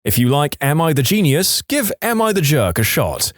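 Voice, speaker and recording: A man's voice: fairly high pitch, sing-song, moderate pace, no echo, clean studio sound. A man narrating online stories in a wry, scripted storytelling manner.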